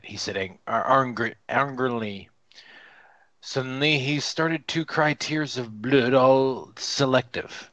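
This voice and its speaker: A man stumbles through a dreadful fanfic, reading it aloud for laughs and cursing whenever he trips over a word. His voice sits at an ordinary pitch. The recording is close and dry. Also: takes it slowly, a bit bright, no echo. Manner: exasperated, stumbling over words, swearing. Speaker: reader. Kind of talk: comedic dramatic reading of a fanfic.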